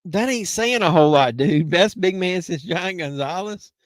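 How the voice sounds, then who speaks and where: A man hosting a live wrestling watch-along, reacting casually with blunt, excitable remarks, heckling and the odd curse, and a voice he says is going. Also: high voice, no room sound. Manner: excitable, blunt and heckling, with quick asides and swearing. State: losing his voice.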